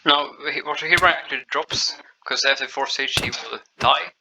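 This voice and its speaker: A man giving casual gameplay commentary as a showcase host, explaining in a halting, rambling way with frequent restarts. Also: on the high side, background noise.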